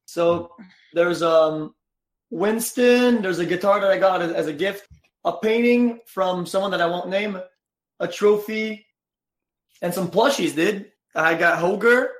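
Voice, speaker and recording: A man from Quebec with a French accent, a streamer in rambling, halting casual chat. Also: high-pitched, roomy sound. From Quebec, Canada.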